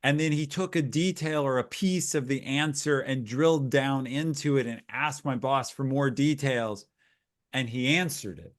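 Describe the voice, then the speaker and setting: A man's voice: medium pitch, normal speed. A man hosting a live webinar, talking loosely and telling stories, often restarting his sentences. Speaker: host. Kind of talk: casual webinar conversation.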